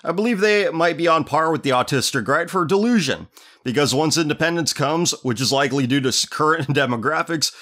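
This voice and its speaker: A man's voice: a little high, lively intonation, fairly quick, a bit bright. Sneering, profane male ranting host. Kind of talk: ranting commentary on a listener letter.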